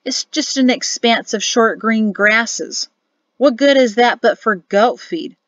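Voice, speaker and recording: A woman's voice: a little high, slow pace, no room sound, highs cut off. A woman reading an audiobook, voicing a grumbling middle-aged army officer father with a sulky, sardonic manner.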